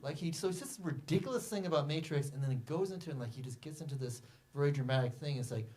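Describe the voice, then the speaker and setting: A man, the film's director, answering audience questions at a festival screening in a theater, rambling and animated with many fillers. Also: on the high side, fast talker. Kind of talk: festival Q&A talk. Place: movie theater.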